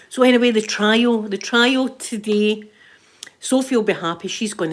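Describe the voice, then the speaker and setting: Speaking at normal speed in a slightly high voice, a middle-aged Scottish woman hosts a relaxed livestream chat, reading comments and telling stories with many restarts and plenty of laughs.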